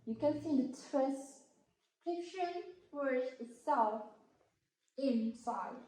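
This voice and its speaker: Slow, halting woman in an echoey room. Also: sits high, lively intonation, dark tone. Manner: slow, halting, careful over each word. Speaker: student presenter. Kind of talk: classroom explanation.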